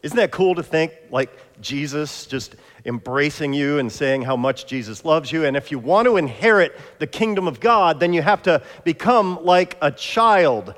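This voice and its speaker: A playful male pastor with a fairly high voice, bantering and coaxing helpers up front. His words ring out in a church with a long, lingering reverb. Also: lively intonation, moderate pace, few pauses, fairly bright tone. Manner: playful, jokey, coaxing volunteers. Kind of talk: interactive sermon. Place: church sanctuary.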